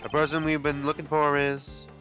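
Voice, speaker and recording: Man doing a composed, lowered prosecutor. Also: monotone, fairly bright tone, soft background music. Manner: measured, deliberate, low and serious. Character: cool, composed male prosecutor, analytical.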